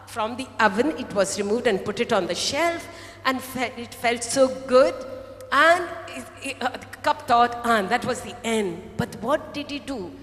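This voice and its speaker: Slow-preaching woman in an echoey hall. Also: a little high, lively intonation, fairly bright tone. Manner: slow storytelling, acting out a cup and a potter. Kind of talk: sermon. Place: large hall.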